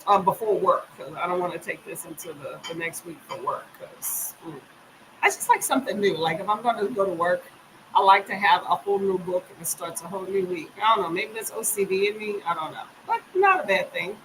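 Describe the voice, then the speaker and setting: A woman's voice: medium pitch, animated, fairly quick, noisy background. A woman hosting a casual livestream from home, chatting with viewers, reading their comments aloud and answering them in a folksy way. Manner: folksy, addresses viewers as y'all. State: briefly coughing and stuffy. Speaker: livestream reading-sprint host. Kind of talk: casual live chat with viewers. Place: at home near the kitchen.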